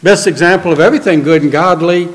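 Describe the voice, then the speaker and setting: Pastor, male, high voice, earnest storyteller, recorded in a reverberant hall. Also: fast talker. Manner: storytelling, earnest, acts out quotes. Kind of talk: sermon.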